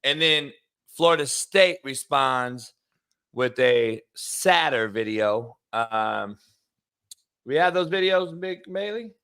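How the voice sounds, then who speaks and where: Brash, bright-voiced sports talk host. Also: male voice, mid-range voice, expressive, gravelly, clean tone. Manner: brash, profane, shifts between drawn-out emphasis and quick bursts. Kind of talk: loud casual sports talk with ad reads.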